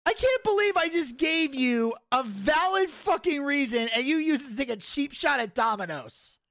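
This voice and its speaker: A man's voice: extremely high pitch, animated, moderate pace, vocal fry, sharp tone. A man co-hosting a casual podcast, ranting heatedly and profanely and arguing through rhetorical questions. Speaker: podcast co-host.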